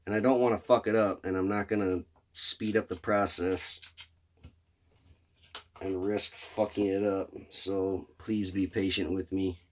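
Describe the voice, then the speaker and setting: A man with a lowish voice tells a long, rambling story straight to camera. He swears constantly and sounds enthusiastic and loose, like he is chatting with regular viewers. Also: steady tone, measured pace. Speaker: vlogger. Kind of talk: casual storytelling about a fan convention.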